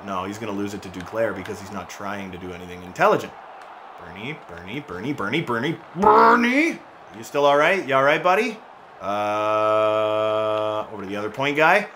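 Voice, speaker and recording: A man giving casual commentary as he plays a hockey video game, excitable and mocking his teammates, with frequent shouts and laughs. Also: medium pitch, a little hiss or hum. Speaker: gaming YouTuber.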